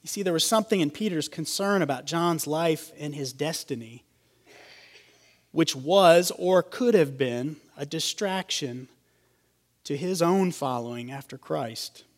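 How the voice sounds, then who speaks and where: A man, a pastor, preaching an expository sermon in a measured way, slowing down to stress key lines. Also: a little high.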